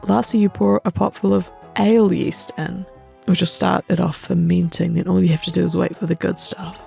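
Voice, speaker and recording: A woman's voice: lowish voice, little pitch movement, moderate pace, creaky, darkish tone, faint music behind. A woman reading out a helpful male pub brewer. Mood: instructive.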